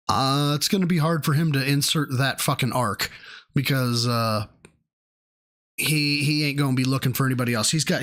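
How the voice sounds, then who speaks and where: A man's voice: mid-range voice, fairly bright tone. A man co-hosting a live stream, thanking viewers and giving crude, profane, mocking commentary. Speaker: streamer co-host. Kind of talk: casual live-stream chat.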